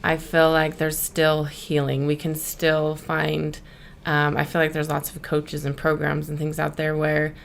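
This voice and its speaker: A woman's voice: deep voice, monotone, a little slow, vocal fry, a little hiss or hum. A woman co-hosting a podcast interview who responds to the guest in a supportive, reflective way. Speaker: podcast co-host.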